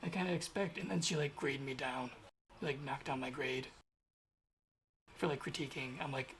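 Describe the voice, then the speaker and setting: Talking to himself while coding on stream, a young man rambles and grumbles in a casual way. He speaks at normal speed with long pauses, in a fairly high, slightly bright voice, and there's a little background noise.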